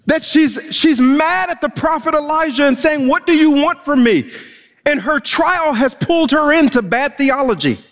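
A male pastor preaching a sermon in an unusually high voice, driving his points home with emphatic, stumbling repeats. His words trail off in the long reverb of a large hall. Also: fairly bright tone.

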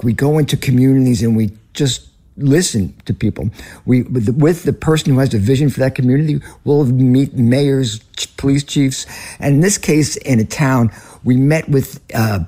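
A man's voice: mid-range voice, mellow. A man in his seventies with a Northern US accent, a ministry leader telling stories earnestly as a guest in an interview. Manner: earnest, storytelling. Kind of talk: conversational interview.

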